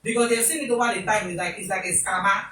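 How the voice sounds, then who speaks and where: Her mid-range voice stays steady in tone while moving at a quick pace, as this Nigerian talk show presenter gives animated, comic commentary laced with pidgin and acted-out scenes. The mic is far off in an echoey room, with a little noise.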